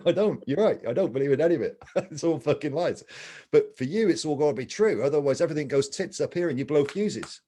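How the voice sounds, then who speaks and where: Male co-host, warm mellow tone, opinionated and musing, casual cursing. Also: on the high side, animated, fairly quick. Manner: musing, argumentative, swears casually. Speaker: podcast co-host.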